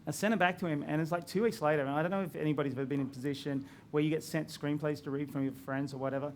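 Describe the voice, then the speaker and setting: A man's voice: a little high, steady tone, racing, a little hiss or hum. A man, a filmmaker telling stories about his film in a casual chat at a screening. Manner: chatty storytelling with laughs.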